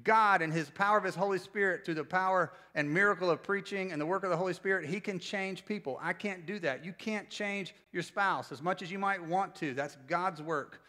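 A pastor preaching a sermon to a church congregation, animated and joking, with sudden loud bursts. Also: male voice, high voice, a little fast, few pauses. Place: church service before a congregation.

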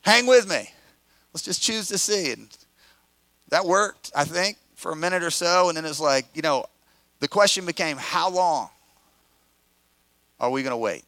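A middle-aged pastor tells a story to his listeners, animated and conversational, acting out the quotes as he goes. His voice is bright and crisp, fairly high for a man. The sound is dry and close. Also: normal speed, pauses often, no room sound. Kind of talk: storytelling sermon.

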